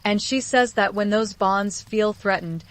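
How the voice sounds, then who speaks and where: A woman with a mid-range voice narrates a scripted self-help piece on relationships. Her delivery is calm and earnest, and she speaks directly to the listener. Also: mid-range voice, a little slow. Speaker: relationship psychology video host.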